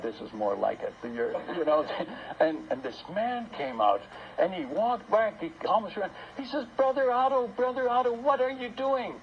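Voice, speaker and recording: A man's voice: mid-range voice, slight background noise, low-quality recording. A man preaching, telling a folksy story and acting out both sides of the conversations, with homely asides to his listeners. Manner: folksy, lively retelling that acts out both sides of dialogues; homely asides and questions to the audience. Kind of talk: storytelling sermon.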